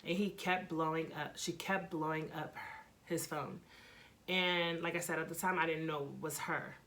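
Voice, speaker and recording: Animated, profane young woman telling a story. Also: deep voice, moderate pace. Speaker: vlogger. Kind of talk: storytime vlog.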